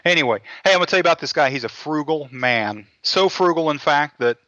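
With a slightly high, bright, pushed voice and lively intonation, a man talks fast while hosting a cooking show. His casual chat mixes folksy jokes with a walkthrough of each step, recorded with a dull, lo-fi, dry sound.

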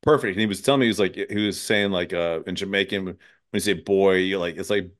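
Male podcast host, deeper voice, casual and profane, easy laugh. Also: fairly even intonation, quick pace. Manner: loose and profane, laughs often. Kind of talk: casual conversation.

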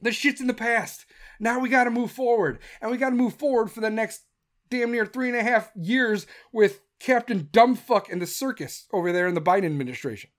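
A woman in her thirties giving an angry, sarcastic political rant full of swearing and mocking put-on voices. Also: fairly high pitch. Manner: mocks others in put-on voices. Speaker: political commentator.

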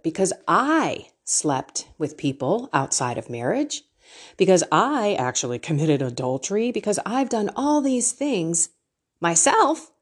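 Emotional, lively woman faith host. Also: medium pitch, slightly rough. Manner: emotional, candid, storytelling with quoted dialogue. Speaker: Christian talk host. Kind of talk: personal faith talk to listeners.

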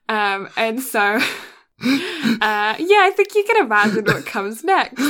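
A woman's voice: fairly high pitch, expressive, takes it slowly, a bit bright. Rambling woman chatting casually. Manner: rambling, many fillers and laughs. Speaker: podcast co-host. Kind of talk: casual chat recapping an anime.

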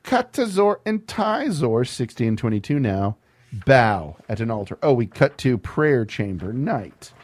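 A male host reads a screenplay aloud for laughs, breaking off into wry, sarcastic asides. His pitch moves a lot, which makes the reading sound animated. The recording is dry and close. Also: measured pace, no echo. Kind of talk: comedic script read-through.

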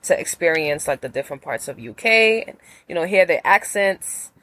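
A woman answering questions in a loose, friendly conversation. Her voice sits fairly low yet moves expressively, and she hedges with fillers while speaking easily. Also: expressive, moderate pace, bright, forceful tone, low-quality recording. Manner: easygoing, laughs readily, hedging fillers. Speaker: guest. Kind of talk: casual podcast chat.

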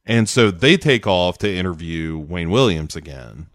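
This podcast co-host speaks at a normal speed in a low voice, retelling a TV episode in casual chat, voicing the characters and cursing without restraint. It's studio-quality audio with no room sound.

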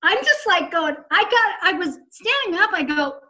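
A woman spins a story in relaxed conversation, snarky and animated, cursing freely. Her voice sits high and sounds bright and sharp. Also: normal speed. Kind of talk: casual storytelling chat.

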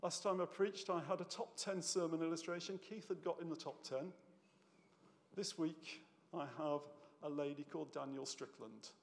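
Male preacher, conversational sermon, gravelly voice, long church reverb. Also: on the high side, steady tone, moderate pace. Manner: conversational, tag questions, gets emotional. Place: church hall.

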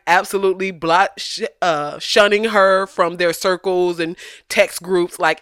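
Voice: mid-range voice, sharp tone, dry recording, clean studio sound. A vlogger ranting in blunt, profane commentary, speaking emphatically and swearing freely.

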